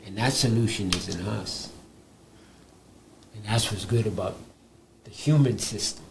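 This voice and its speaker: Gravelly older man telling stories. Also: fairly low pitch, unhurried, long pauses, a little hiss or hum. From Hawaii. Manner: animated storyteller who laughs between points. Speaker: guest, indigenous elder and artist. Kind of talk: live panel conversation, storytelling.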